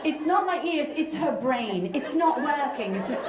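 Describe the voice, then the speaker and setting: A woman in her forties performing a stand-up comedy set, animated and mocking slang in exaggerated voices. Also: sits high, normal speed, hardly any pauses. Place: comedy night in a live venue with audience. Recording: echoey room, loud crowd laughter and noise.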